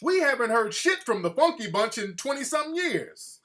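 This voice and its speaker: Animated high-voiced male host. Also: moderate pace. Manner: animated, profane, breaks into mocking impressions. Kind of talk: casual opinion commentary.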